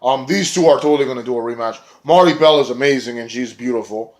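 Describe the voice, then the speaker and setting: A man rambling through a casual wrestling recap in a vlog, excitable and often swearing. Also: mid-range voice, quick pace. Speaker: wrestling reviewer.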